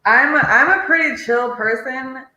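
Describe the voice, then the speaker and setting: A woman's voice: high-pitched, normal speed, pushed and bright, roomy sound, highs cut off. A woman hosting a casual live stream, reading viewer comments aloud and speaking her mind. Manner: reads comments aloud, outspoken.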